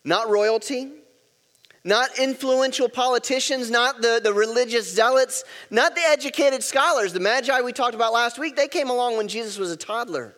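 A man's voice: high voice, a bit bright, big-room sound. A pastor preaching a sermon, emphatic and repeating key words, leading his congregation to say lines back.

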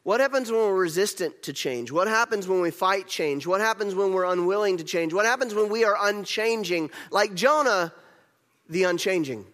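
A male pastor gives a conversational sermon and piles up repeated rhetorical questions. His voice is on the high side for a man. The sound carries a long church-hall echo. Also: moderate pace, a bit bright.

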